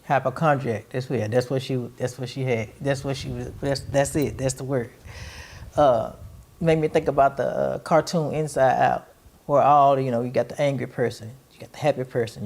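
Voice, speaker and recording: A middle-aged woman hosting a podcast, recounting family events in a rambling way, pausing to search for her words. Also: extremely low pitch, fairly even intonation, darkish tone. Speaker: podcast host. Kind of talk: personal storytelling in conversation.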